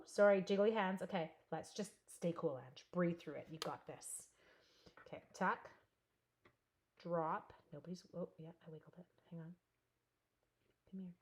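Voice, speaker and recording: A middle-aged Canadian woman runs a live crafting class, chatting with viewers and giggling as she talks herself through each step. Her voice is lowish with a fairly bright tone, and there's slight background noise.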